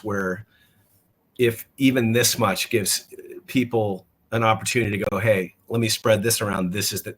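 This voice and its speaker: Male guest, low voice, casual podcast chat, stop-start delivery with repeated words. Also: a bit bright, poor audio. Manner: halting, repeats words while thinking. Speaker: guest musician.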